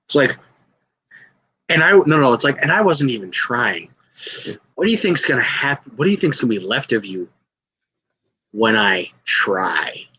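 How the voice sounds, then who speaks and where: A man voicing an imposing woman wrestler, making slow, menacing threats at the champion. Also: on the high side, very animated, sharp tone, breathy edge, full character voice, rough recording.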